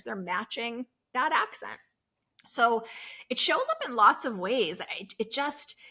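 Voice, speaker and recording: Woman podcast host, bright tone, earnest chatty solo talk full of "um"s. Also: medium pitch. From Boston area, US. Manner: chatty, earnest, many fillers and self-corrections.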